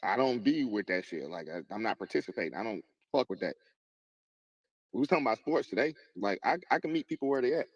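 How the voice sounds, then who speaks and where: A man's voice: lowish voice, animated, quick pace, husky, no echo, dull audio. A man in an online voice chat, telling a story in a rambling way and defending himself. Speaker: chat participant.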